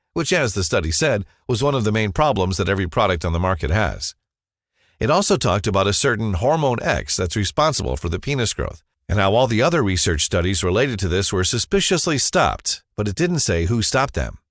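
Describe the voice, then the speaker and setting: A man's voice: lowish voice, fairly bright tone, no room sound, studio quality. A man narrating a scripted first-person advertisement story in a dramatic, confessional storytelling manner.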